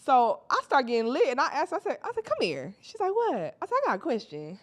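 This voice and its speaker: A young woman telling a casual storytime, slangy and animated, acting out her friends' lines. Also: sits high, fast. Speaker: storytime vlogger.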